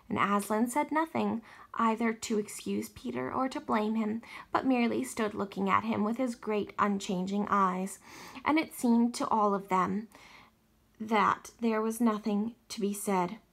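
A woman teacher reading a novel aloud for distance learning, expressive, with small slips and restarts. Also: mid-range voice, measured pace, vocal fry.

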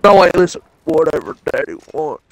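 A man's voice: fairly quick, a little hiss or hum, rough recording. A man chatting casually with friends while gaming, teasing them playfully. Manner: teasing, playful, slips into mock high and low voices. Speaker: gamer.

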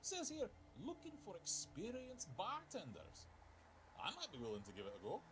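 A man's voice: high-pitched, wildly swooping pitch, moderate pace, background noise. An actor playing a wry male bartender and self-styled adventurer in a video game, telling tall tales in a dry voice. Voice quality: dry, wry storyteller delivery. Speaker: bartender applicant.

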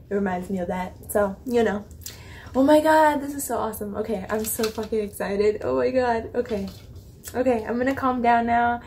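A young woman hosting a reaction video, gushing and rambling in excited casual chat, swearing and laughing as she talks. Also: a little high.

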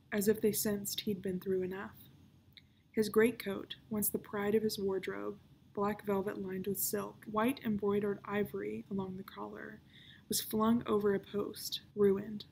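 A woman, a children's librarian, reading a novel aloud in a calm, even storytelling voice. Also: mid-range voice, unhurried, gravelly, slight background noise.

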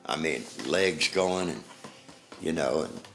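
An older man speaks in a very deep, rough, gravelly voice. He tells his own story plainly in an interview, halting and restarting as the details come back. Faint music plays underneath. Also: fairly bright tone. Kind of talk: recounting personal memories.

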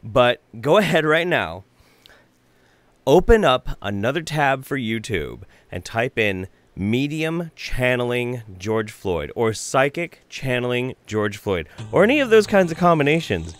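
A man's voice: medium pitch, big pitch swings, unhurried, no echo. A man doing sarcastic, mocking reaction commentary, swearing freely. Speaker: commentary YouTuber.

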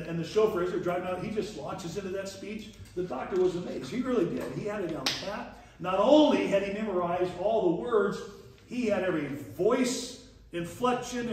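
A fairly high-voiced man preaching a leadership lesson, spinning stories with a folksy chuckle and playing out each character's lines. He is picked up from some distance across a very echoey church room, with a faint hum of ambience underneath. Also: lively intonation, a little fast, a little mellow. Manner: folksy, chuckling storyteller voicing dialogue. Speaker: pastor teaching leadership. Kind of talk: storytelling sermon lesson. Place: church hall.

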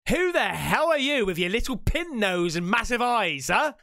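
A man's voice: very high-pitched, moderate pace, vocal fry, no echo, clean studio sound. A young English man hosting a reaction video, swearing and joking in casual banter. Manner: excitable, swearing, jokey banter.

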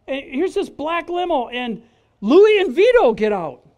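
Speaking a little slowly, a middle-aged guest speaker recounts his personal testimony at a park church service in a high-set, expressive voice. The delivery is animated and casual, with acted-out quotes and a habit of asking the crowd "right?"

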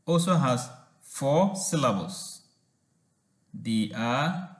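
A man giving a language lesson, reading slowly and sounding out words syllable by syllable. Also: mid-range voice, animated, roomy sound. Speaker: language teacher.

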